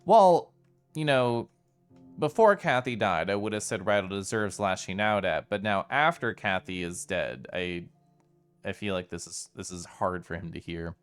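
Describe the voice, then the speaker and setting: A man's voice: low voice, moderate pace, smooth, soft background music. A man streaming a story game live, reflecting on the plot and greeting chat in a chatty, thoughtful way.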